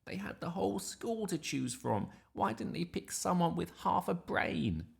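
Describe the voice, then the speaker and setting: A man voicing a scornful, sharp-tongued older sister in a storybook, sarcastic and sneering. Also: sits high, sing-song, measured pace, gravelly, slightly rough, pitched above the performer's own voice, exaggerated voice.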